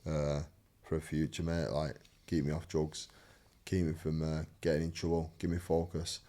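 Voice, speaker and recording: A bare-knuckle fighter talks in a casual interview with an extremely low voice at a moderate pace. He swears freely and tells animated stories, acting out what people said.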